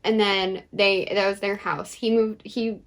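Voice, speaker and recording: A woman's voice: medium pitch, flat delivery, measured pace. A young woman co-hosting a book vlog, chatting casually with lots of fillers and frequent laughs. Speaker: book vlogger co-host. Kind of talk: casual chat.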